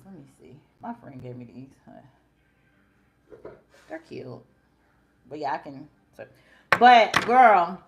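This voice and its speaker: A woman's voice: medium pitch, slight background noise. A woman chatting casually to her viewers on a live stream, greeting them in a sing-song way and talking straight to them. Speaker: livestream host.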